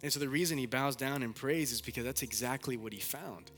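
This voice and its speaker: Bright-voiced young pastor preaching animatedly. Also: male voice, mid-range voice, a little fast, faint music behind. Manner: animated storytelling, acting out quoted voices, candid asides. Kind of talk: sermon.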